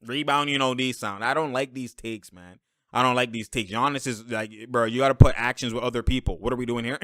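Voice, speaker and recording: A man hosting a basketball film breakdown, talking in an animated, slangy way, laughing often and calling out to the players on screen. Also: medium pitch, fairly quick, no echo, clean studio sound. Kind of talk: excited play-by-play breakdown commentary.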